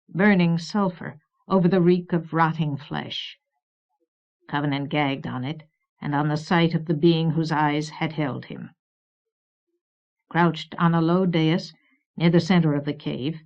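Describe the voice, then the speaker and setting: A woman reading a fantasy novel as audiobook narrator in a measured, even way. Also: deep voice. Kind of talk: scripted narration. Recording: dull old cassette recording.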